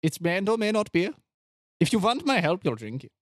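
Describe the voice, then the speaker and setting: A man's voice: high-pitched, sing-song, a little fast, no echo, studio quality, pitched above the performer's own voice. A man doing a sly creepy doctor. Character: shifty male scientist, sly and creepy.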